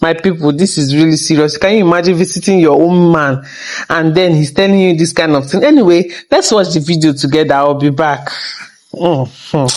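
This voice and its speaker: A man's voice: a little high, moderate pace, a little mellow, low-quality recording. A man hosts a celebrity news channel. He recaps the story and then talks straight to his viewers in a chatty way. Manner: chatty, addresses viewers directly. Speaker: host of a celebrity gossip channel.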